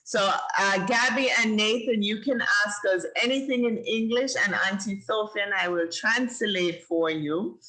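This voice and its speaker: A woman's voice: mid-range voice, unhurried, few pauses, pushed and bright, poor audio. A woman hosting a live-streamed children's show over a video call, chatty and encouraging. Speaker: host of a kids' show.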